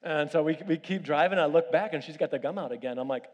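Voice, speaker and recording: A man preaching a sermon, telling family stories with lively animation and asking the congregation to raise their hands. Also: on the high side, quick pace, few pauses. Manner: animated storytelling with audience questions. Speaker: pastor. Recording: long reverb of a large hall.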